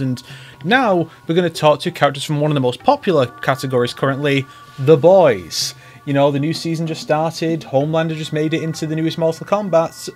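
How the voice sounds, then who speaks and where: A man hosting a YouTube video, giving comedic commentary with wry, sarcastic asides. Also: a little high. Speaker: YouTuber host.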